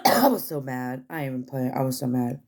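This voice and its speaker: A woman's voice: extremely low pitch, big pitch swings, moderate pace, noisy background. A woman chatting casually on a livestream, rambling, swearing freely and using many fillers.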